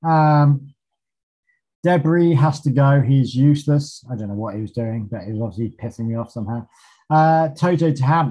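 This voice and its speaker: A man's voice: mid-range voice, normal speed, dark tone, low-quality recording. A man co-hosting a podcast, recapping a race in clipped notes with frequent ums and casual swearing. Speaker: podcast co-host.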